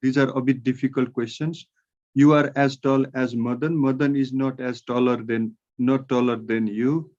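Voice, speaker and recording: A man with a Nepali accent leads an online English grammar class, reading example sentences slowly and word by word so students can copy them. His voice sits at a middle pitch, and the audio comes through dull and muffled over a video call. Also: fairly even intonation, darkish tone. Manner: slow, dictating sentences word by word. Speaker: English teacher.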